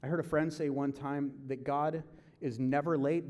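A man's voice: fairly high pitch, fairly even intonation, normal speed, darkish tone. A man in his thirties preaching a sermon in a casual, conversational way, acting out the voices he quotes. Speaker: pastor. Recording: long hall reverb.

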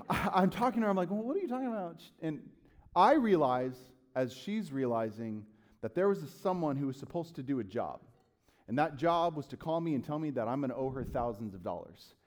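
Animated storytelling male pastor. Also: a little high. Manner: animated storyteller, acts out his own outbursts loudly. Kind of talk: sermon storytelling.

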